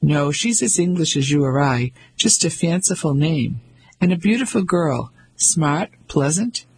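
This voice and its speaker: A man's voice: fairly high pitch, lively intonation, measured pace, gravelly, a little mellow, slight background noise, low-quality recording. A man playing a blustering, pompous English banker. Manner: blustering, patronizing and hasty. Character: pompous 55-year-old English banker husband.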